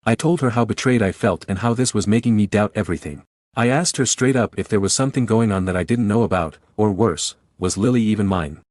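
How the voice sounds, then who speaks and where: A man reading a first-person story aloud in an even, measured way. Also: lowish voice, no echo. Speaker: narrator.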